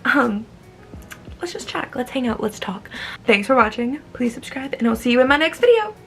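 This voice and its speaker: A young woman, an online English teacher, explaining in a casual, bubbly, animated way and acting out words. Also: high voice, moderate pace, gravelly, faint music behind.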